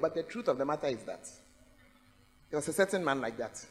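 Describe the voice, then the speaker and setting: A woman's voice: deep voice, a little fast, big-room sound, low-quality recording. A woman with a Ghanaian accent preaching a sermon in a large church, calling out to the congregation and laughing as she speaks. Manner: animated, calls out "Hey!", laughs while preaching.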